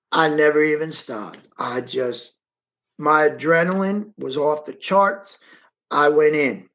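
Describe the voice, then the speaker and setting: A man being interviewed as an eyewitness. He tells his story in dramatic first person, with emphasis, and pauses to direct someone moving a map on screen. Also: fairly high pitch, a bit bright, highs cut off.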